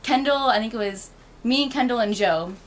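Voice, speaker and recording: A young woman in her twenties telling a story in an interview, talking fast and animatedly and laughing often. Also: on the high side. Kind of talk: casual storytelling.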